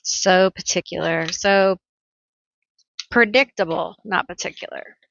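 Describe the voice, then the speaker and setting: A woman's voice: lowish voice, a little slow, vocal fry, fairly bright tone, lo-fi sound, slight background noise. A woman giving a pick-a-card tarot reading, chatty and playful, telling stories with teasing nicknames.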